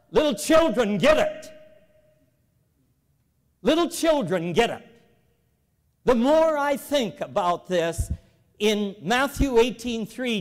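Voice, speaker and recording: A former bank president gives an evangelical convention address in a large auditorium, his voice high and lifted. He mixes folksy stories with emphatic calls to the audience, and the hall's long reverb lingers after each word.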